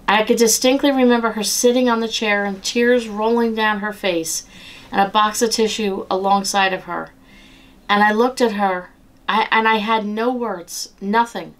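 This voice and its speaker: A middle-aged woman speaks in an earnest, conversational devotional style, like sharing a testimony. She slows and softens when she returns to a verse. Her pitch sits in an ordinary middle range. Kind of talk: personal devotional talk.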